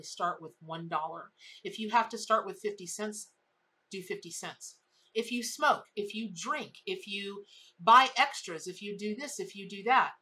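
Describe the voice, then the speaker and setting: A woman's voice: on the low side, sharp tone. A woman tarot reader telling a story in a casual reading, emphatic and full of repetition.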